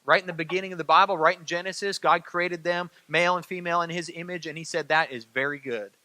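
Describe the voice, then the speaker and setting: Middle-aged guy pastor giving a sermon, chatty, keeps asking "right?", higher voice, dry close sound. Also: level tone, fast, bright, forceful tone, no echo. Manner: conversational, repeats phrases, asks "right?" of the crowd.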